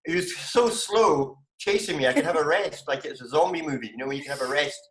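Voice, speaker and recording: A Scottish man chatting animatedly as a comedian guest on a video call, breaking into high exclamations. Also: fast, fairly bright tone, reverberant, slight background noise. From Scotland. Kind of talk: casual video call chat.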